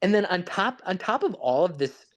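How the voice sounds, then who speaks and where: A man's voice: high-pitched, sing-song, moderate pace. A man co-hosting a podcast, talking casually and enthusiastically about a film, with lots of restarts and swearing. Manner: rambling, profane, enthusiastic with restarts. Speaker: podcast co-host. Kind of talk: casual chat.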